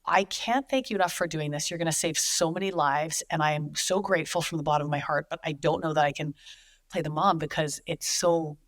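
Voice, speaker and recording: A middle-aged Canadian woman talks as a podcast guest, earnest and a little rambling, with plenty of fillers. Her voice sits on the lower side. The sound is close and dry, with no room around it. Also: brisk, no room sound. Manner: earnest, rambling with many likes and you-knows. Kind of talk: casual chat.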